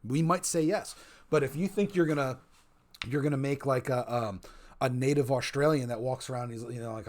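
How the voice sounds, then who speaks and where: A man's voice: medium pitch, normal speed, a little mellow. A man streaming casually, talking through the rules of his role-play server, rambling and repeating key points for emphasis. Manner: rambling, repeats points for emphasis, reads chat messages aloud. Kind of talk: casual livestream chat.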